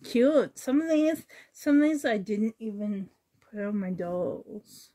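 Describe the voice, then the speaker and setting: A woman chatting to herself and her viewers while sorting doll clothes, sentimental and softly laughing. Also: medium pitch, animated, slow pace. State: emotional, choked up. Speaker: reborn doll collector vlogger.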